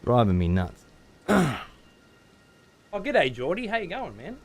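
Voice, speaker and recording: A man's voice: on the high side, wildly swooping pitch, slow, a little hiss or hum. An Australian man streaming a game live, ranting and swearing heavily while he talks to his chat. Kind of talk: live gameplay commentary.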